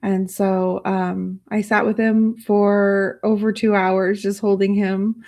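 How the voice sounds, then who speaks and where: A woman hosts a casual livestream chat at a middle pitch. She speaks softly and emotionally, rambling, restarting her sentences and filling pauses with "um". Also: flat delivery. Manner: soft, rambling, emotional, with frequent fillers. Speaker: livestream host.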